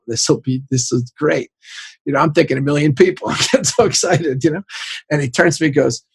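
A man in his sixties with a gravelly, husky voice spins lively stories for an interviewer. He slips into the voices of the people he quotes, and his recording is close and dry with no room sound. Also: medium pitch, fast talker, no echo. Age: 60s. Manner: animated anecdotes, acts out quoted voices, laughs often. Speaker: sports executive guest. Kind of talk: casual storytelling interview.

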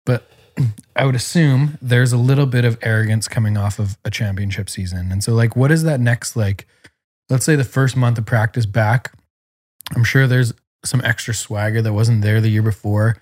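A man's voice: medium pitch, normal speed, darkish tone. A man hosting a podcast, asking his guest informal questions full of fillers. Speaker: podcast host. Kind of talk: casual interview chat.

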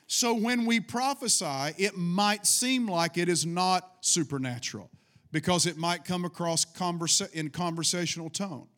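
A man's voice: high-pitched, normal speed, fairly bright tone. A middle-aged man preaching a fervent sermon to his congregation and calling for responses. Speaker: pastor.

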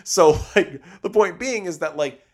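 A young man co-hosting a podcast in casual chat, animated, laughing often and slipping into silly voices when he quotes people. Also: high-pitched, measured pace. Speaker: podcast co-host.

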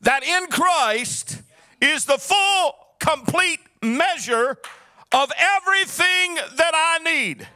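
A man preaches a sermon in a strikingly high, bright, forceful voice. He drops to a low murmur and then rises into chanted, sing-song shouting. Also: lively intonation, takes it slowly. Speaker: pastor.

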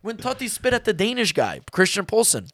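Animated young man in football chat. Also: high voice, a little fast, a little hiss or hum. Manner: animated, swears freely, rambling restarts. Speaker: podcast co-host.

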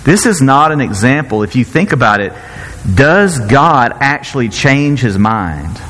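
A man preaching a sermon in an animated, playful way, often breaking off and restarting his sentences. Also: mid-range voice, a little slow, long reverb tail, faint music behind, low-quality recording. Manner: animated, self-interrupting, playful asides. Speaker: pastor.

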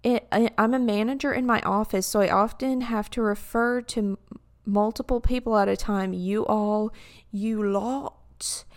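A young woman casually reading opinion posts aloud and reacting to them in a chatty, animated way, full of fillers and restarts. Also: medium pitch, unhurried.

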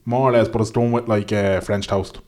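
A man chatting casually, rambling quickly and swearing in passing. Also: fairly low pitch, little pitch movement, very noisy. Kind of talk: casual chat.

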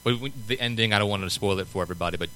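A man's voice: fairly low pitch, racing, bright, forceful tone, a little hiss or hum. A man co-hosting a podcast, talking in a laid-back, somewhat hesitant way. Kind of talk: casual chat.

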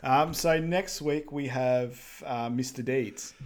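Man, mid-pitched voice, relaxed podcast co-host, lots of ums. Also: slow. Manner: relaxed, fills with "um" and "yeah", does character voices. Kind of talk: casual movie recap chat.

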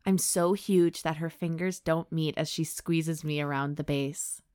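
Low-voiced woman reading aloud deadpan. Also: unhurried, clean tone, no echo, clean studio sound. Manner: deadpan reading broken by laughing asides. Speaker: podcast host reading erotica aloud. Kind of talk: dramatic reading with comic banter.

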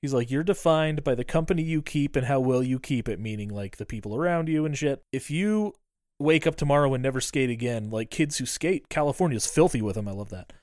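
A man's voice: mid-range voice, fast, hardly any pauses, darkish tone, dry recording, clean studio sound. A man co-hosting a podcast, casually recapping a movie scene by scene, acting out the characters' lines, laughing and swearing as he goes. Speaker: podcast co-host.

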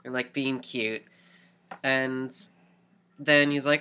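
A woman's voice: very deep voice, fairly even intonation, takes it slowly, bright, forceful tone. A woman co-hosting a podcast, recapping a TV episode in casual chat, telling it animatedly and often repeating words as she thinks. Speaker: podcast co-host.

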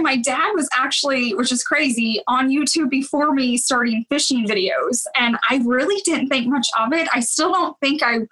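A woman's voice: high-pitched, sharp tone, rough recording. A woman with a Southern US accent, a cleaning video creator chatting earnestly in an interview and laughing often. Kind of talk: casual interview chat.

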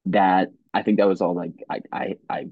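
Deep-voiced young man, earnest and halting. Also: level tone, vocal fry, no echo. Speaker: podcast guest. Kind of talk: casual conversation. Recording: dry, dull lo-fi sound.

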